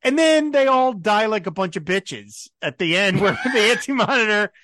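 A man co-hosting a casual comics podcast, animated and laughing often, slipping into mock voices for asides. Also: high-pitched, moderate pace, no room sound, clean studio sound. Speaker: podcast co-host. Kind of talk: casual chat about comics.

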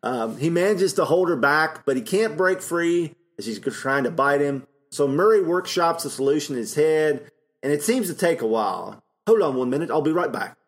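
A man's voice: fairly high pitch, expressive, moderate pace. A middle-aged man co-hosting a podcast, chatting casually and recapping film plots with frequent laughs. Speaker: podcast co-host.

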